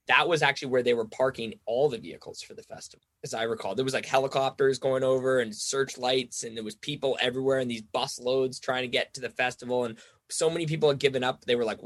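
A young man tells a rambling story in a relaxed, chatty way. He fills his talk with "like" and slips into quick impressions of other people. His voice sits mid-range and sounds close and dry, with little room sound. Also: medium pitch, no room sound. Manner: rambling, says "like" constantly, acts out quoted voices. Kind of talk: casual storytelling chat.

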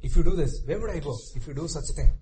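A frantic young woman begging, her voice pushed up high and loud, as a male preacher acts her out in a sermon. Her words tumble out urgent and tearful. A faint hiss of noise sits behind the voice. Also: animated, measured pace. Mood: pleading. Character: young woman pleading desperately with her half-brother.

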